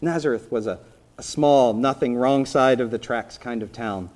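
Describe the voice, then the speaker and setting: A man preaching a sermon in a conversational storytelling manner, briefly acting out the people in the story and dropping to a soft voice for emphasis. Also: mid-range voice, lively intonation, moderate pace. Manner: conversational storytelling, voicing biblical characters, drops to soft emphasis. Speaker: pastor.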